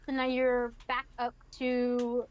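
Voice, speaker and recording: A woman's voice: sits high, lo-fi sound. A woman narrating a tabletop game as its game master, describing each scene vividly.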